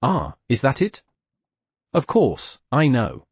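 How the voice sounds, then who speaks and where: A man's voice: mid-range voice, wildly swooping pitch, takes it slowly, husky, no echo, studio quality, heavily acted. A man reading an easygoing young man. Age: young adult. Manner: teasing, kindly.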